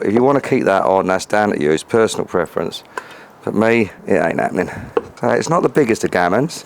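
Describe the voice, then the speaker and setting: A man's voice: mid-range voice, a little hiss or hum. A man chatting cheerfully as he cooks outdoors, joking and swearing a lot. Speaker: cooking vlogger. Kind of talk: casual cooking chat to camera. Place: outdoors at a grill.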